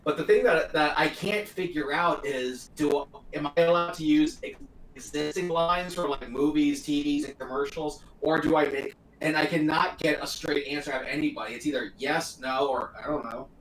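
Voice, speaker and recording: A man co-hosting a casual live-streamed talk, halting and searching for words. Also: on the high side, a bit bright, roomy sound, distant mic, low-quality recording. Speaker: talk show co-host.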